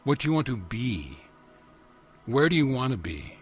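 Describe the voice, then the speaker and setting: A man leading a guided meditation as a spiritual teacher, speaking in a slow, measured, soothing cadence and asking repeated gentle questions. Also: medium pitch, very animated, faint music behind.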